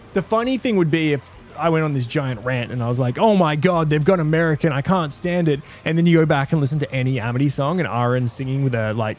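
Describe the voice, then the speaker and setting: Here an Australian man reacts to music on a laid-back stream, musing aloud with earnest, meandering thoughts and frequent self-interruptions. His voice is fairly high with a darkish tone.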